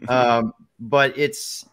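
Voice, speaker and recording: A man's voice: mid-range voice, fairly bright tone, breathy edge. A male voice actor guest answering in a jokey, rambling way on a video call, laughing at himself. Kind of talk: casual interview answer.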